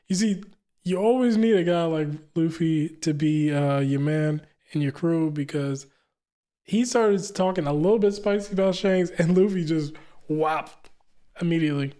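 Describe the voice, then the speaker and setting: Man, casual reaction chat, fairly high voice, mellow tone, laid-back and chatty. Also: unhurried. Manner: relaxed and chatty, laughs often, keeps saying "you know what I'm saying". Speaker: manga reaction streamer. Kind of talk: casual reaction commentary, reading comic dialogue aloud.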